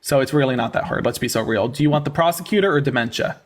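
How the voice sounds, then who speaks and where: A man's voice: mid-range voice, quick pace. A man hosting a livestream debate, talking casually with a sarcastic, incredulous edge.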